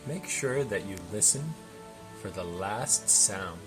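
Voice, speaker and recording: A man slowly modeling English sentences for pronunciation practice. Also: fairly low pitch, expressive. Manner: slow, careful model sentences. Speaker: English tutor. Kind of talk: pronunciation demonstration. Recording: voice over music.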